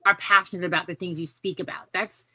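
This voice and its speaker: Bright, effusive woman host. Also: on the low side, steady tone, quick pace, rough recording. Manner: effusive, casual, lots of "like". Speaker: podcast host. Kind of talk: supportive interview chat.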